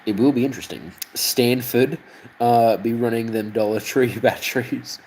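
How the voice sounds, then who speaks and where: A man's voice: medium pitch, normal speed, darkish tone, low-quality recording. Aussie guy rambling on his stream, swears heaps, laughs a lot, faint room hum. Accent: Australian. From Australia. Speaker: livestreamer. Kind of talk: casual livestream chat.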